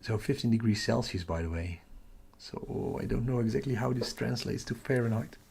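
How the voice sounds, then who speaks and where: A middle-aged man hosting a night-time telescope livestream from home, half-whispering so he doesn't wake the house, muttering to himself over his capture software. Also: medium pitch, moderate pace, vocal fry, breathy edge. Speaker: astrophotography livestream host. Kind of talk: live stream commentary, talking to chat.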